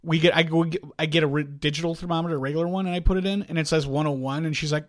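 Man in his forties, podcast co-host, lively storyteller, slightly higher voice. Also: rapid-fire. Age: 40s. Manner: animated storytelling, acts out quoted dialogue. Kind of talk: casual chat.

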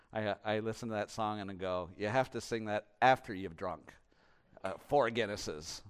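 Pastor guy preaching, goes quiet then gets loud and fired up, smooth resonant voice. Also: on the low side, moderate pace. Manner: impassioned, swinging from hushed to loud. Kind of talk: sermon.

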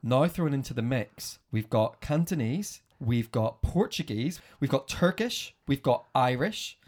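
A man co-hosting a family podcast with his son in a casual, enthusiastic chat, quick to praise. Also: medium pitch, expressive, darkish tone.

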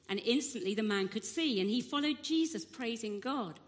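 A woman's voice: a little high, normal speed, hardly any pauses. Woman preaching in a reverberant hall. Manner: expressive storytelling, acting out the crowd's shouts. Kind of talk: sermon.

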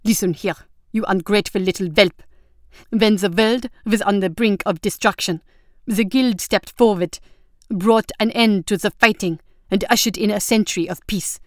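A woman's voice: mid-range voice, moderate pace, no room sound, studio quality, natural voice. A woman voicing an angry middle-aged male banker who grumbles and blusters, reading an audiobook. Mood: furious. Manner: grumbling, then shouting in rage.

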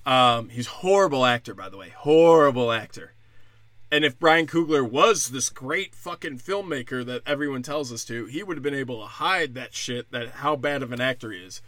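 Sarcastic guy ranting on his podcast, cursing a lot, bright tense tone, no room echo. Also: medium pitch, expressive, normal speed. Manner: sarcastic, profane, mocking. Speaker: podcast host. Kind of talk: casual comedic rant.

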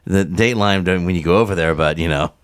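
A man's voice: sits low, fairly quick, smooth. A man co-hosting a casual beer podcast, teasing and laughing along. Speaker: podcast co-host.

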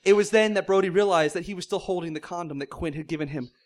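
A man's voice: high-pitched, fast talker. A man reading silly fan fiction aloud in mock-serious narration, often breaking into laughter. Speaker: comedic reader.

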